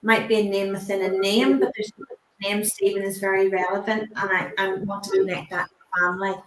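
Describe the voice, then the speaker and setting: A woman working as a psychic medium, giving a spiritual reading on a chat show in a halting way, often pausing on "um" and "I want to say". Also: mid-range voice, steady tone, roomy sound, slight background noise, rough recording.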